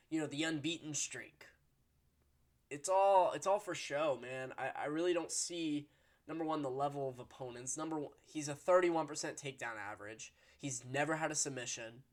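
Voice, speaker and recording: A man's voice: mid-range voice, fairly bright tone. A man hosting his own fight-prediction channel, talking casually and with strong opinions, swearing and restarting sentences as he gets fired up. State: hiccuping. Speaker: MMA prediction channel host. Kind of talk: casual solo commentary.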